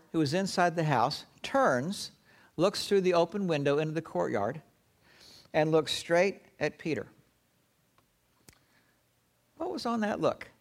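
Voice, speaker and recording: A man preaching a sermon, retelling a story with dramatic pauses and acting out the quoted lines. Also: a little high, vocal fry.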